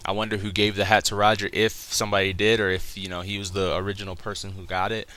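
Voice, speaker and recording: A man's voice: lowish voice, little pitch movement, fast talker, bright, forceful tone. A young man casually retelling a comic chapter for a review video, rambling and swearing as he talks. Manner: rambling, profane, laughing retelling. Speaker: manga reviewer.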